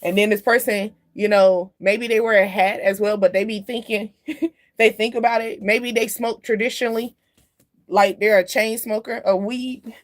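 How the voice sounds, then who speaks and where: A woman's voice: medium pitch, steady tone, normal speed. A woman giving a casual spiritual card reading straight to camera, chatty and loose, often turning to the viewer with side remarks and drifting off topic. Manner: drifts off topic and laughs at herself. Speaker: tarot card reader.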